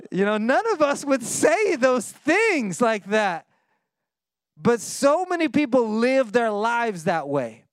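A man preaching a conversational sermon to his church, dropping soft and intense when he reads scripture. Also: very high-pitched, big pitch swings, slow, no echo, clean studio sound. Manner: playful mock voices in asides. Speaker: pastor.

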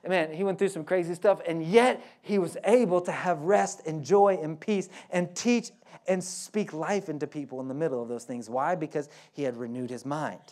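A man's voice: a little high, normal speed, darkish tone. A man with an Oklahoma accent preaching a sermon in a folksy way, with joking asides and key lines repeated for emphasis. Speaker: pastor.

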